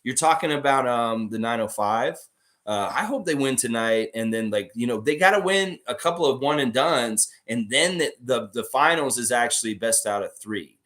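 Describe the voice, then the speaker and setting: Man, casual livestream host, reads viewer comments, rambly, lively pitch. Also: normal speed. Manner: rambling, animated storytelling with filler words. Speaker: sports fan livestream host.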